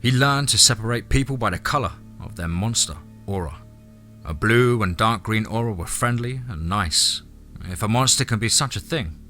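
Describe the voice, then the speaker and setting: A man's voice: on the low side, expressive, normal speed, bright, forceful tone, soft background music. A man reading an audiobook as narrator, telling the story steadily. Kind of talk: scripted narration.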